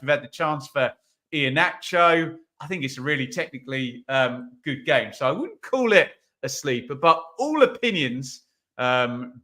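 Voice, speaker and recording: A man hosting a live football watch-along from his home office, chatting casually and reading out viewers' messages. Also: mid-range voice. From England. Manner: chatty, reads out viewer comments, bursts into loud calls. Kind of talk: live stream chat and commentary.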